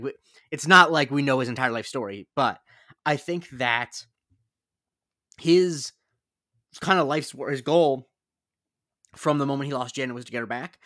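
Man on a podcast, bright forward voice, rambles and restarts, opinionated, dry close-miked sound. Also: mid-range voice, no room sound. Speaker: podcast co-host. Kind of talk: casual chat.

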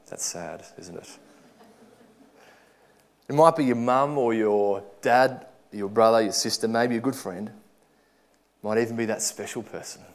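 A man preaching a sermon, earnest, swinging from loud urging to soft, quiet asides. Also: lowish voice.

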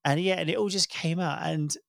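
A man in his thirties with a gravelly, slightly raised voice, telling a family story in easy conversation. His delivery is warm and animated, and he jumps up in pitch whenever he quotes his kids. The sound is close and dry. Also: brisk, no room sound. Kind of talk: casual chat.

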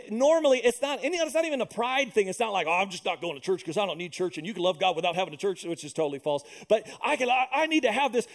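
A man in his thirties preaching a sermon as pastor, telling stories in an animated way and acting out other people's voices. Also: sits high. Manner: animated storytelling, acts out voices.

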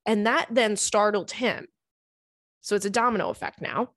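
In a clean, dry studio recording, a young adult woman with a mid-range, slightly bright voice speaks at a moderate pace. Hosting her podcast, she tells funny stories in casual chat, cursing freely along the way.

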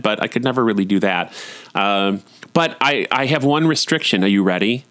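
A man telling casual stories from home as a podcast host, chatty and campy, often jumping up into high, excited swoops. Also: brisk. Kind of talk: casual storytelling monologue.

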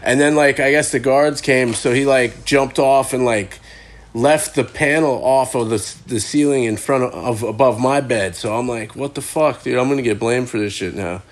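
A man's voice: medium pitch, moderate pace. A man telling stories as a podcast guest, rambling and swearing casually, laughing as he talks. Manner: profane, rambling, laughs mid-story. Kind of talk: casual storytelling.

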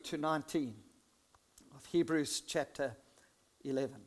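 A preacher delivers a sermon and reads scripture in a slow, measured cadence, pausing often between short phrases. The voice sits in a middle pitch and drops away softly as each phrase closes. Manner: slow, deliberate phrasing with pauses, voice trailing off at phrase ends.

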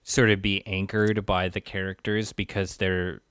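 Low-voiced man in casual film chat. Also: level tone, a little slow, fairly bright tone, clear, resonant tone, no echo, clean studio sound. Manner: rambling, many fillers and restarts.

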